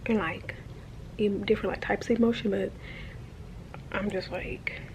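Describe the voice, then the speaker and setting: A woman's voice: mid-range voice, steady tone, moderate pace, creaky, noisy background. A woman of thirty talking to camera in a hotel in the desert, chatty and emotional, with lots of fillers. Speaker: travel vlogger. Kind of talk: casual vlog talk to camera.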